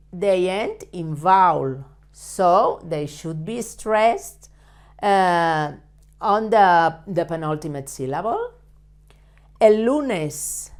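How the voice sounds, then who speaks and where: A woman whose first language is Spanish, teaching a step-by-step lesson in careful, halting English with frequent fillers and self-corrections. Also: fairly low pitch.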